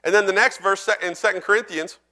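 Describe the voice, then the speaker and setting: A man preaching a sermon in a church, speaking conversationally to the congregation, asking them questions and reading scripture slowly and deliberately. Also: sits high, pushed and bright.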